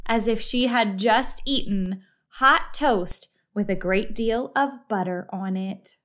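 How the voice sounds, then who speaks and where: A woman reading a children's storybook aloud in a slow, expressive, deliberate way. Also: medium pitch. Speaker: story reader.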